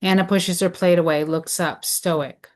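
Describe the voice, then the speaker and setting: A woman reads stage directions aloud in a low voice. Her delivery is measured and descriptive, setting each scene plainly. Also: steady tone. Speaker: narrator reading stage directions. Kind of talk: script read of stage directions.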